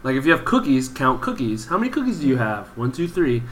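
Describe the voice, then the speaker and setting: A man's voice: mid-range voice, quick pace. A man in casual podcast chat, telling work stories with a lot of swearing. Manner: profane, animated storytelling. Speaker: podcast co-host, teacher.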